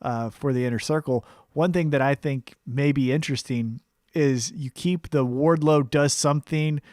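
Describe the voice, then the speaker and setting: A man co-hosts a podcast in casual chat, rambling and thinking aloud with fillers. His medium-pitched voice has a darkish tone and moderate pace, recorded dry with clean studio sound.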